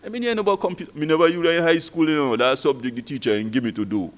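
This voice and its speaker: Shy young Kittitian student, low mumbled creole, higher-set voice, as a speaker puts him on. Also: male voice, very fast, lightly acted. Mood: sheepish. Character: young male student, shy and laid-back.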